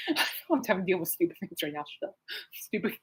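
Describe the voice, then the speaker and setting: A woman's voice: on the low side, big pitch swings, brisk, breathy edge, poor audio. A woman hosting her own podcast, rambling casually through a story with frequent laughs and restarts. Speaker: podcast host. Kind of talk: casual solo podcast chat. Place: at home.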